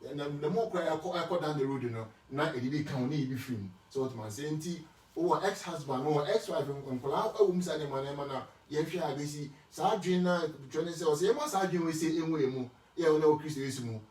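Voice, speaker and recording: A man with a Ghanaian accent and a fairly high voice talks casually about faith and marriage. He moves between Twi and English, restarting and repeating words as he goes. He is set back from the mic in a roomy, echoing space. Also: fast talker, darkish tone. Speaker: speaker answering marriage questions. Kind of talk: casual Christian teaching talk. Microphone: distant from the mic. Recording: echoey room, speaker far from the mic.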